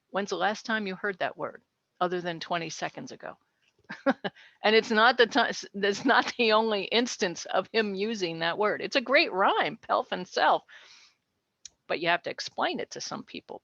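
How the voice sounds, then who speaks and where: A woman's voice: medium pitch, a bit bright, no room sound, highs cut off. Chatty woman giving a literature talk. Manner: chatty, with light laughs and asides. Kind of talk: casual educational talk.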